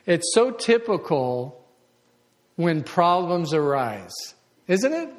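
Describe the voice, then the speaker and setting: A man preaching a conversational sermon, animated and acting out the voices of people he quotes. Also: a little high, slow pace. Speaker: pastor. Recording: long hall reverb.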